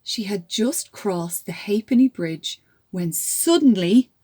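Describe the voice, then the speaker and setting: A woman, a teacher, reading a children's storybook aloud with gasps and hushed asides. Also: mid-range voice, slow pace, husky. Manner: animated, with stage gasps and whispers.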